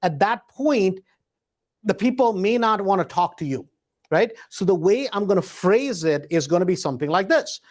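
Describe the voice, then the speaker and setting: A man teaching real estate investing in a loose, conversational way, often checking in with the listener with a quick "right?". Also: high-pitched, lively intonation. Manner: conversational, peppers points with a tag question "right?"; acts out door-knocking scripts in a hesitant, searching tone. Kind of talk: live instructional talk.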